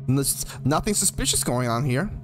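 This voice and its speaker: A man streaming a video game live, chatting excitably to his viewers with lots of laughs and stumbling restarts. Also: medium pitch, moderate pace. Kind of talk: livestream gaming commentary. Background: game music.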